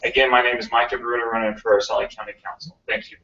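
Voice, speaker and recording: A man's voice: medium pitch, flat delivery, quick pace, background noise. A man in his thirties and county council candidate giving an earnest campaign speech that halts on many uhs. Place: meeting room with an audience. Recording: roomy, distant, dull lo-fi sound.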